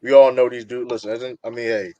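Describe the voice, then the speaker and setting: A man arguing basketball in a dry studio sound. He talks over others, repeating phrases to hold the floor in a heated debate. His voice sits at a middle pitch, with no room echo around it. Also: steady tone, fast talker, dark tone, highs cut off. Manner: interrupts, repeats himself. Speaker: podcast host.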